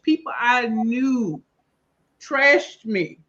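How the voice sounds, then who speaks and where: A woman appearing as a talk show guest, telling her personal story candidly and emphatically, with sudden loud bursts on key words. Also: medium pitch, moderate pace. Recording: slightly dull lo-fi audio.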